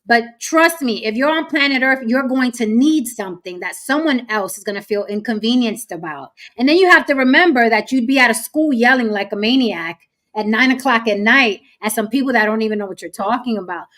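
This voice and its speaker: A woman with a somewhat high voice hosts a casual panel talk. She leans on her points and repeats them for emphasis. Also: brisk, a bit bright.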